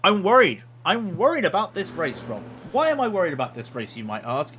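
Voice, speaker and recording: A man's voice: high-pitched, very animated, fairly quick, a bit bright, slight background noise. A man giving chatty, jokey commentary on a sim racing livestream, with frequent restarts.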